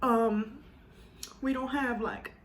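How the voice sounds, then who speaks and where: A woman's voice: on the high side, fairly even intonation, slow. A woman vlogger talking to her viewers in a heartfelt, casual way, earnest and emotional, with a lot of "you know", now and then tearful. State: tearful at times.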